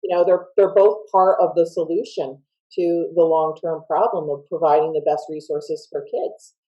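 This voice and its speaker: A woman's voice: low-pitched, fairly even intonation, normal speed, dark tone, poor audio. A woman with a Southern US accent, a school counselor guest in a casual video-call interview, upbeat and emphatic, laughing often.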